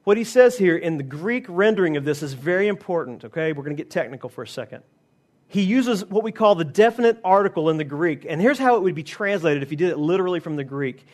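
A man preaching a sermon, emphatic, slowing down to stress key phrases. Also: fairly high pitch, lively intonation, darkish tone. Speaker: pastor.

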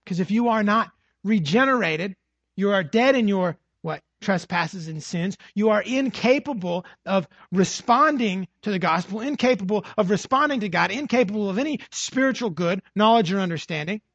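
A man's voice: high-pitched, lively intonation, normal speed, fairly bright tone, no echo, dull audio. A man preaching an expository sermon, emphatic, often repeating phrases and asking "right?" to drive a point home.

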